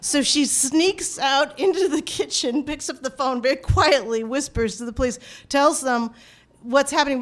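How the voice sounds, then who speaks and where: A woman from the United States telling a personal family story in an animated, wry manner. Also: sits high.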